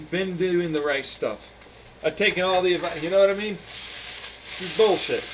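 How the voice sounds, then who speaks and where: A casual, profane monologue from an audio blogger who keeps drifting into put-on voices. The pitch sits in a middling range. A clear sizzle of food frying runs underneath the whole time. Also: a little slow, background noise.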